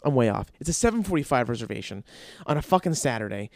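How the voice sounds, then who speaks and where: A man casually telling an anecdote with lots of swearing, fillers and animated energy. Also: mid-range voice, fast talker, no echo, clean studio sound. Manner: animated, profanity-laced storytelling with frequent fillers.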